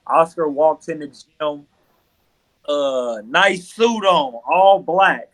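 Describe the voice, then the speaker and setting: Animated male basketball player storytelling. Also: a little high, slow pace, low-quality recording. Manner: animated, repeats "you know what I mean". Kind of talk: casual storytelling interview.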